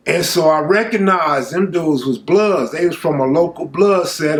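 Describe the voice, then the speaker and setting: A man telling a true story from his own life in a casual, animated way, full of street slang and asides to the viewer. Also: fairly high pitch, normal speed, hardly any pauses.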